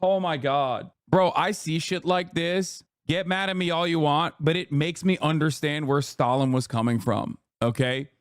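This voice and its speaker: Man streamer, sarcastic profane rant, slightly high voice, dry close mic. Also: moderate pace, hardly any pauses, smooth, no room sound. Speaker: streamer reacting to a video. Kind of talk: casual live-stream commentary.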